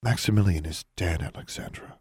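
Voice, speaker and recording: A man voicing a calm, stern older witch inquisitor in an audiobook, speaking in an even, measured tone. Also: low-pitched, husky, no room sound, clean studio sound. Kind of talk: audiobook narration.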